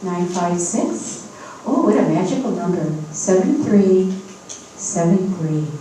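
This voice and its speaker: A slow, animated, dark-toned voice on the low side belongs to a spiritual medium in her fifties addressing a live workshop audience. Emphatic and encouraging, she checks in with the crowd often; the hotel event room sounds echoey and distant, with faint hiss.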